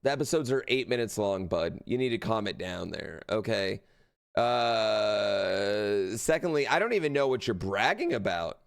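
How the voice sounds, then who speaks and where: A man's voice: on the low side, expressive, normal speed, vocal fry. A man streaming and reacting to a speedrun, talking in a brash, profane, teasing way. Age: adult parent. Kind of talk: casual livestream commentary.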